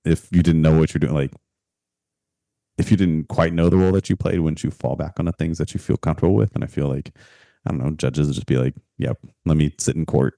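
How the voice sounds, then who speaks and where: Casual male co-host, low mellow voice, easygoing, lots of fillers; dry close recording. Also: vocal fry, no echo. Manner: relaxed, chatty, many fillers and laughs. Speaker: podcast co-host. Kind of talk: casual podcast chat.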